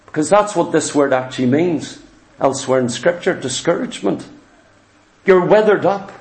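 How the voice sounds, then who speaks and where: A man preaching a sermon in an emphatic, repetitive style that at times rises to shouts. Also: fairly high pitch, animated, moderate pace. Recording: echoey room.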